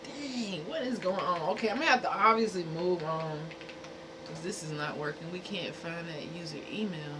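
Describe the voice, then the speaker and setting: Woman streamer, blunt and exasperated, casual talk to chat, mid pitch, noisy background. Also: moderate pace. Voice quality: speaking from a dentist's perspective. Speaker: livestream host.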